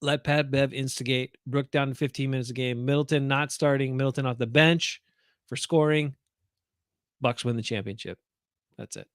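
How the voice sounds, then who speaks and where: A man's voice: mid-range voice, clean tone, no room sound, clean studio sound. A man co-hosting a casual sports chat, blunt and opinionated, rambling through his points. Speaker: podcast co-host.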